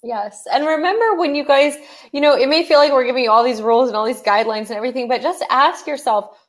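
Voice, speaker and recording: Woman, Southern Californian accent, upbeat webinar coach, slightly high voice, webcam mic. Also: quick pace. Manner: upbeat, coaching, addresses listeners as "you guys". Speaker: co-presenter of the webinar. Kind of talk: casual webinar teaching.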